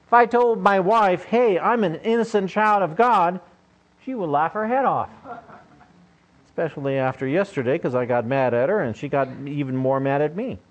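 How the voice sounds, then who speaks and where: Older preacher with a high-ish voice. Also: male voice. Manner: conversational, joking, asks the listeners questions. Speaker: pastor. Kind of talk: sermon. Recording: dull lo-fi recording.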